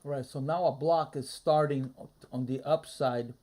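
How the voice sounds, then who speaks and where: A man streaming a live trading session, muttering his thoughts aloud in a low-key, halting way. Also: fairly even intonation, dark tone. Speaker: day trader streaming a live trading room. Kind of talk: casual live market commentary.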